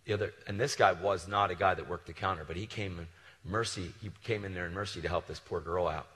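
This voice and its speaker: A man preaching a sermon, telling stories in a casual, animated way with slangy asides. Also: sits low, fast, in a large hall. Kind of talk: storytelling sermon.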